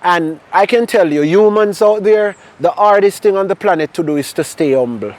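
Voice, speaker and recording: A man with a Jamaican accent sharing his personal testimony in a conversation, telling it in a lively way with bits of patois. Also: high-pitched, moderate pace. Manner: animated storyteller mixing in patois. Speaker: interview guest.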